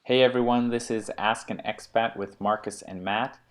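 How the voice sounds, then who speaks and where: A man with a fairly low voice co-hosts a relaxed conversation. He talks in a halting way, stopping and restarting sentences and leaning on fillers. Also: soft background music. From United States. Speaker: co-host. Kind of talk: casual conversational chat.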